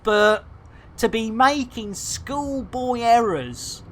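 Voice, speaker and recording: Lady in her fifties streaming a game, slow easy chatter, cheeky swears. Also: on the high side, lively intonation. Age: 50s. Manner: chatty, self-mocking, laughs often, mild swearing. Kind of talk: casual live-stream chat.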